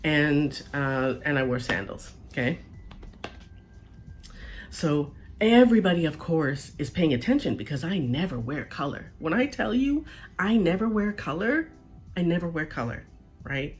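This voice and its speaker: A woman's voice: low voice, a little slow, soft background music. A woman telling a personal story in a casual, chatty way, often checking in with the listener. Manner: chatty, animated, keeps checking in with "right?" and "okay?".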